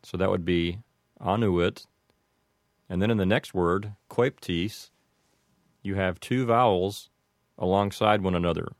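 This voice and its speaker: A man explaining Latin pronunciation in a measured, methodical way, slowing down for each example. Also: low voice, steady tone, no room sound, clean studio sound. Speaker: language teacher.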